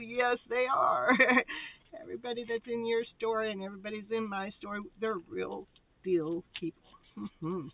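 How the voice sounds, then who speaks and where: A woman's voice: mid-range voice, animated, moderate pace, no echo. A woman host giving a live tarot reading, chatty and playful, often giggling and breaking into sing-song exclamations. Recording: tinny phone-like sound with faint noise.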